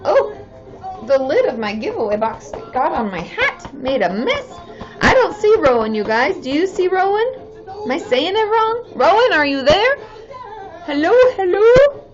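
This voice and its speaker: A woman in her thirties, a therapist hosting a casual live stream, chatting with viewers in a bubbly way and cheering often. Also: high-pitched. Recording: slightly dull sound with faint music behind.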